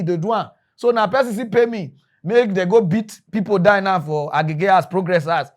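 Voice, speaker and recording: A man with a Nigerian Pidgin accent, ranting in animated commentary as a mock news presenter. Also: high voice, fairly quick.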